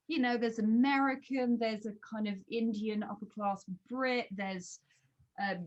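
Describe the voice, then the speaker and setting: A woman's voice: fairly high pitch, dull audio. A woman audiobook narrator on a panel, speaking with wry, self-mocking humor. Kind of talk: panel discussion.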